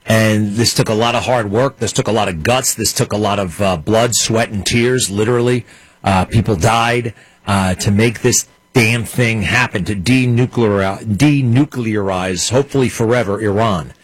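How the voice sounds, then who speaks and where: A man's voice: on the low side, moderate pace, slightly rough, dry recording, poor audio. A man hosting a radio talk show, delivering an opinionated monologue with sarcastic, mocking asides.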